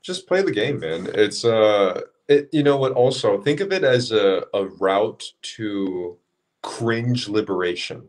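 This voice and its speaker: A laid-back man chats on a podcast in a fairly low voice. He talks in easy slang and drops the odd casual swear. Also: expressive, a little slow. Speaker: podcast co-host.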